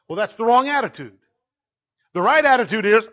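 A man with a high, light voice preaches in a loose, conversational way. He stays animated and keeps slipping into small acted voices to quote others. The recording sounds dull and lo-fi. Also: a little fast. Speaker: pastor. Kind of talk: sermon.

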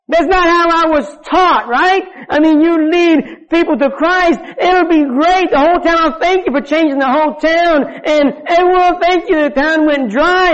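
A male preacher giving a fervent sermon, swinging between loud outbursts and low, quiet lines. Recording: dull lo-fi sound.

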